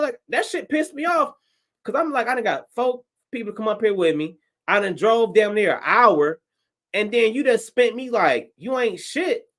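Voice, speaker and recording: A man from Detroit, a stand-up comedian, telling a story on a livestream in a profane, animated way and acting out his own reactions. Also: high-pitched.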